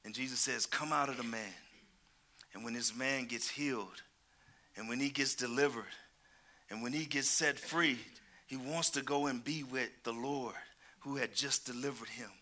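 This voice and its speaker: A male preacher delivering a sermon, calling out to the congregation and swinging between loud exclamations and hushed asides. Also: mid-range voice, moderate pace. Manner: calls out to the congregation.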